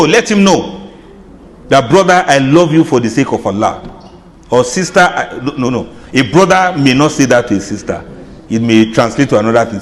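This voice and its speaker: A man giving an informal religious lecture, chatty and often laughing, playing out reactions with soft drawn-out sighs. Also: on the high side, long reverb tail. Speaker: Islamic lecturer. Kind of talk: informal sermon.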